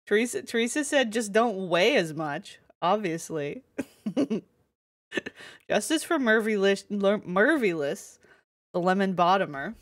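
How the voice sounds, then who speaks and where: A woman's voice: medium pitch, lively intonation, a little slow. A woman streamer talking casually and playfully to her viewers as she plays, thinking aloud in a chatty, joking way. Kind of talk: casual live-stream chat while playing a game.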